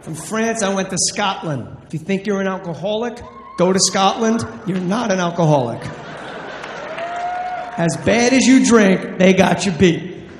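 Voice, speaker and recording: A man's voice: high-pitched, a little slow, background noise. A brash, profane male stand-up comedian from New Jersey telling a story. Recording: echoey live hall.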